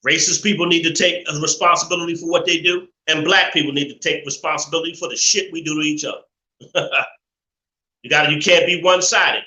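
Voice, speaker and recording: A man's voice: on the high side, fairly even intonation, a little fast, pushed and bright. A man hosting a live show, giving a preachy, repetitive rant and swearing freely. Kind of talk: ranting live-stream monologue. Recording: roomy echo.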